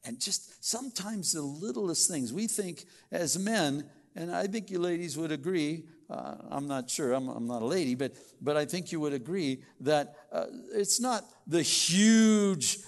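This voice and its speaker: A man preaching a sermon in church, folksy, acting out little everyday scenes in quick voices. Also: a little high, lively intonation, gravelly. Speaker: pastor.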